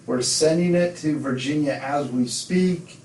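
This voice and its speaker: A man chatting casually on a podcast, telling animated stories. His voice sits slightly higher than average. The mic is distant in an echoey room, with a faint hum of noise underneath. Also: unhurried. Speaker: podcast co-host, tax preparer. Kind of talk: casual chat.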